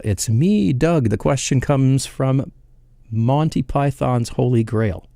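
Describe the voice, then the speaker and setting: A man's voice: mid-range voice, gravelly, darkish tone, no room sound. Chatty man hosting a live brew stream. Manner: rambling and self-deprecating, chuckling, loses his place reading chat. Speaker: host of a live home brewing show. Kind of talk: casual live-stream chat, reading viewer comments.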